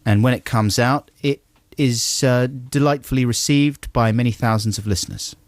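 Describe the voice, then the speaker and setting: A man's voice: mid-range voice, moderate pace, no room sound. A man with an English accent co-hosting a casual radio show, joking and reading out a listener's email. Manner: playful, reads listener emails aloud. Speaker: radio host. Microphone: studio microphone.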